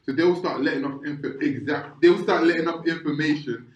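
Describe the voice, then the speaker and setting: A man's voice: a little high, fairly quick. Man, podcast co-host, rambling casual chat, echoey room. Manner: rambling, many restarts and "do you understand?". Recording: echoey room, slightly muffled sound.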